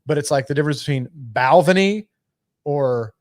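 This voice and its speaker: A man's voice: on the high side, moderate pace, no room sound, studio quality. Laid-back profane man on a podcast. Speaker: podcast co-host. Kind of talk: casual chat.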